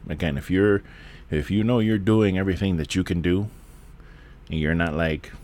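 A man's voice: sits low, normal speed, a little mellow. A man, hosting a candid solo podcast from home in a laid-back, rambling, profane way with lots of restarts. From the Bronx, New York. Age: 40s. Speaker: podcast host.

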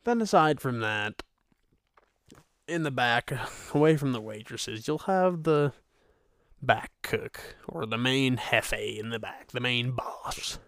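A man's voice: medium pitch, animated, slow pace, fairly bright tone, dry recording, studio quality. A young man hosting his own podcast, ranting sarcastically about restaurant work and cursing freely. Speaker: podcast host. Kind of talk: profane ranting monologue.

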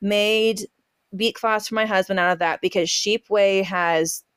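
A woman guest on a podcast tells a homestead story with gusto, slipping into voices for her own remarks and sprinkling in laughs and fillers. Her voice sits at an ordinary middle pitch. The sound is close and dry, with no room around it. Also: a little slow, clean tone, dry recording. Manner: lively storyteller who acts out her own quotes. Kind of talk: casual storytelling interview.

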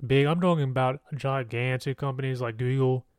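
A man's voice: medium pitch, fairly even intonation, a little fast, clear, resonant tone, no room sound, clean studio sound. A young man hosting a podcast, telling a story in a rambling, sweary, casual way. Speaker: podcast host. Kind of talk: casual monologue.

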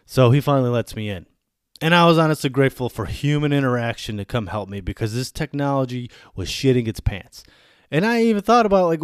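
A man in his thirties rants through a solo podcast story, cursing freely and acting out his own quoted thoughts. His voice sits at an everyday middle pitch. The sound is dry and close, with no room echo. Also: fairly quick, clear, resonant tone. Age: 30s. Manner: animated storytelling with swearing and quoted asides. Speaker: podcast host. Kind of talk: casual solo rant.

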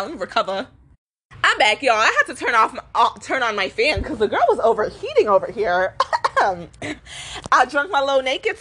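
A young woman with a slightly high, sharp-toned voice vlogs a casual rant. She curses and rambles with plenty of fillers, laughing often between sentences.

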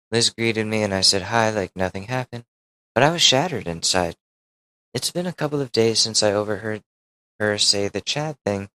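A podcast host with a fairly low voice reads a confessional online post aloud in a candid, conversational way. He stops now and then for short, wry asides and swears casually. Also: fairly bright tone, low-quality recording. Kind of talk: reading a Reddit post aloud.

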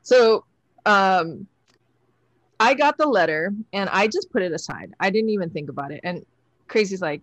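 A woman host telling a story on a casual podcast, animated and laughing, with frequent swearing. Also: fairly low pitch, moderate pace, no echo.

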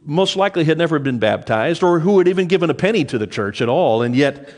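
A middle-aged male pastor preaching with a lively, swinging voice that sits a little high for a man. He drops low and quiet when he reads scripture aloud, then climbs back up as he explains it. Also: fast. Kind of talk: sermon.

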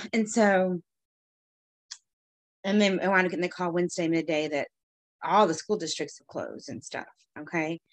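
A woman from Texas, co-hosting a podcast in casual chat, rambling through stories and clearing her allergy-irritated throat often. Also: fairly low pitch, unhurried, pauses often, no room sound. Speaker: podcast co-host.

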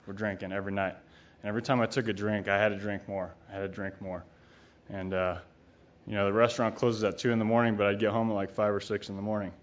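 A man's voice: fairly low pitch, flat delivery, fast talker. A middle-aged man giving a candid, rambling personal recovery talk, blunt and often profane, with many fillers. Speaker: speaker at a recovery retreat. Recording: dull lo-fi recording.

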